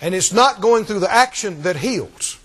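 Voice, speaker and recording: High, lively-voiced preacher man in a reverberant hall. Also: moderate pace, slightly rough. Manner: emphatic, repetitive, call-and-response. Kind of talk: sermon.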